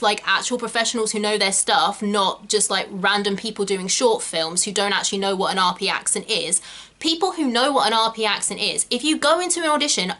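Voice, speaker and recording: Woman, young adult, from England, acting tutorial, chatty, emphatic, bright voice. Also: a little high. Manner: chatty, emphatic, quick asides. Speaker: acting coach. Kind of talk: talking-head tutorial.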